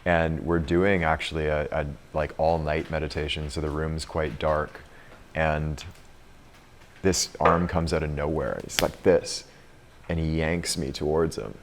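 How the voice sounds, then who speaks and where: Very deep-voiced man telling a story. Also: steady tone, measured pace, a little hiss or hum. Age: 30s. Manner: chatty, laughs often, many "like" fillers. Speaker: retreat leader and coach. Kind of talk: casual storytelling to a retreat group. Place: retreat room with a group.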